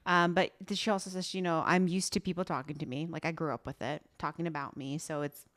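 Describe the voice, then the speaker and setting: A woman's voice: low-pitched, quick pace. A woman co-hosting a podcast, retelling drama scenes in casual chat and acting out the characters' lines. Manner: animated retelling, acting out quotes. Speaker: podcast co-host.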